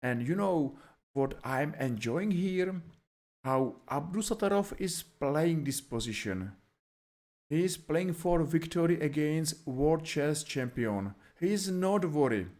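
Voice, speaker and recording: Man, chess game analysis, unhurried delivery, somewhat high voice, plain phrasing with fillers. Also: expressive, darkish tone. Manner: calls out moves one by one with frequent fillers, in simple non-native phrasing. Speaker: chess commentator.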